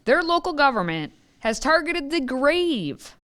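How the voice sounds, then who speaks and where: A woman's voice: sits high, big pitch swings, a little slow, a bit bright. A woman co-hosting a casual commentary show, wry and sarcastic as she lays out the story and reads quotes aloud. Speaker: co-host. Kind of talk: casual political commentary chat.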